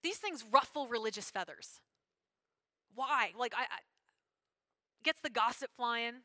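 A woman preaching a sermon in an animated, conversational way with casual slang. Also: fairly high pitch, measured pace, dry recording.

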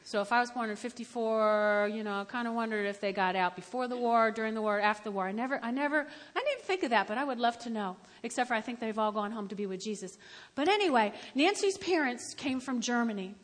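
High-voiced older woman preaching in a hall. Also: fast talker. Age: about 70. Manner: storytelling, building to loud emphatic exhortation. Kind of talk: sermon. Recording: echoey hall with long reverb.

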